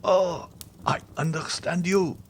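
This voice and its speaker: A choking, dying old servant. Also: male voice, high-pitched, fairly even intonation, a little hiss or hum, voice pushed up. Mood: agonized. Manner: strained, gasping, slow. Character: dying old male servant, poisoned, in agony. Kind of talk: audiobook character voice.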